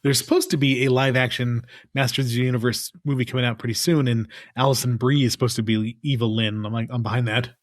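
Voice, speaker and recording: A man's voice: mid-range voice, fairly even intonation, quick pace, hardly any pauses. A man co-hosting a podcast in casual chat, rambling and laughing easily. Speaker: podcast co-host.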